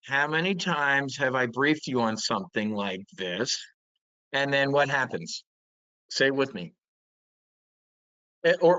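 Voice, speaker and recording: A man's voice: mid-range voice, fairly bright tone, dry recording, muffled recording. A man hosting a trading show, delivering blunt, profane market commentary with mocking impressions.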